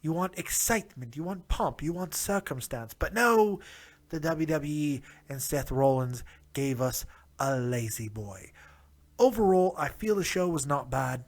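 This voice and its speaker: A man's voice: on the high side, lively intonation, unhurried. A man voicing a sarcastic, mock-proper British alter ego of himself in a put-on British accent, reviewing wrestling with dry, formal sarcasm. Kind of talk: comic wrestling review in character.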